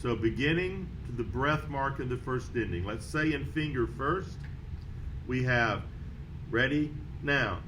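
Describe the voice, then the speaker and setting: A man teaching a beginner trumpet lesson, calling out note names and counting beats in a steady, patient way. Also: medium pitch, a little slow, slight background noise, rough recording. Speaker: music teacher. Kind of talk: band method lesson.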